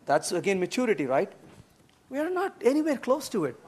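Casting: middle-aged man, very high voice, animated blunt conference lecturer. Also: a little fast, husky. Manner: animated, emphatic, answers bluntly with humor; acts out quoted dialogue in changed voices. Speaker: conference speaker. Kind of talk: workshop lecture with audience questions. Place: conference room.

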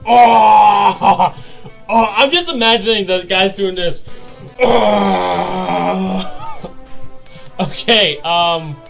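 Excitable high-voiced man playing a game. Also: extremely slow, vocal fry, long pauses, faint music behind, poor audio. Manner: excitable, yelps and laughs at mishaps. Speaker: gaming video creator. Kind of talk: let's play commentary.

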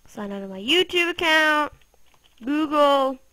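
A woman's voice: high-pitched, dry recording, rough recording. Foul-mouthed, frustrated young-sounding woman gamer. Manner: foul-mouthed, easily frustrated, yells at game animals. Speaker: gameplay commentator. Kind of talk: casual let's-play commentary.

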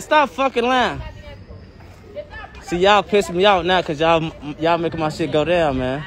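A young man streams live from his phone outdoors on a city block, his voice high and bright. He keeps hyping his viewers, talking in loose, profane street slang. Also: normal speed, long pauses, a faint crowd. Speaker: livestream host. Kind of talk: casual livestream chat.

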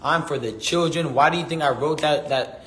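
Earnest rambling young man, slightly high. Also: moderate pace, a bit bright, echoey room. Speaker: interviewee. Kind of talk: casual press talk.

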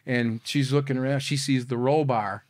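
A man in his sixties, a podcast guest telling wild stories in a rambling, profane, animated way. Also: mid-range voice, moderate pace, no room sound, clean studio sound. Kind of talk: casual storytelling interview.

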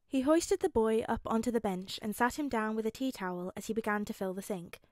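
Fairly high-voiced woman reading a story. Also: brisk, few pauses, a little mellow, dry recording, studio quality. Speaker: podfic reader. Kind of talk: fanfic audiobook narration.

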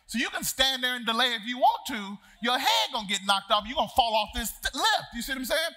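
Animated, bright-voiced pastor preaching. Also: male voice, extremely high pitch, fast, hardly any pauses. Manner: animated, shouts and laughs while acting out the story; casual colloquial address to the congregation. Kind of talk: storytelling sermon.

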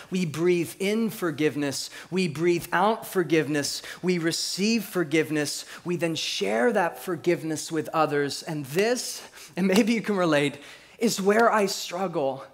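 A man preaching a sermon, telling stories and swinging between hushed reflection and lively, laughing delivery. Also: a little high. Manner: laughs at his own stories. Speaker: pastor.

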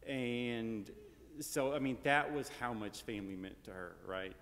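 A grandson giving a casual, anecdotal funeral eulogy in a large church, full of fillers and tag questions. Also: male voice, medium pitch, measured pace, a bit bright. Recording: long church reverb.

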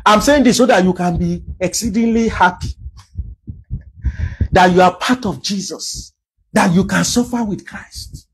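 In a low-quality recording, a Nigerian man with a high, slightly husky voice delivers a sermon as a pastor. He takes his time, leaving long pauses, and drives his points home emphatically with rhetorical questions.

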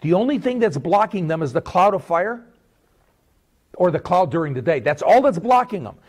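A man preaching a sermon as pastor, animated, with repeated rhetorical questions and swings between loud and quiet. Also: high-pitched, moderate pace, slightly rough.

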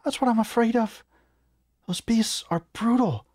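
A man's voice: very high-pitched, a little slow, a little mellow, dry recording, studio quality, voice pushed up. A man reading a story aloud and voicing a timid young woman companion who speaks in an anxious, whispery way. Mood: fearful. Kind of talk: audiobook reading.

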